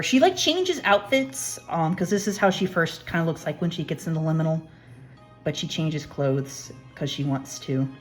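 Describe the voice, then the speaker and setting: A young woman with a fairly low voice talks through her sketchbook in a rambling, self-deprecating way. She chats casually as she flips pages, and faint music plays underneath. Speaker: artist, channel host. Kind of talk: casual sketchbook tour narration.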